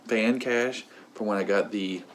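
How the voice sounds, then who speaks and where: A man's voice: fairly low pitch, a little slow, slight background noise. A young man hosting his own channel, telling a long rambling story in a casual unboxing vlog. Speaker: host.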